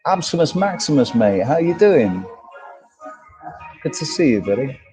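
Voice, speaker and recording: A man's voice: medium pitch, very animated, a little slow, over music, low-quality recording. A man co-hosting a casual livestream, greeting viewers by name and bantering in a jokey, sweary way. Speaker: livestream co-host. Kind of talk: casual live-stream chat reading comments. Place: outdoors in a park.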